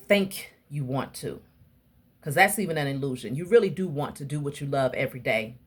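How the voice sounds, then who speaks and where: A woman with a low, husky voice reads tarot cards for her viewers. She speaks emphatically, like a preacher, and addresses her audience directly as she lays out each message. Her tone stays slightly breathy throughout. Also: fairly bright tone. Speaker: tarot reader. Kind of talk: casual tarot reading to viewers.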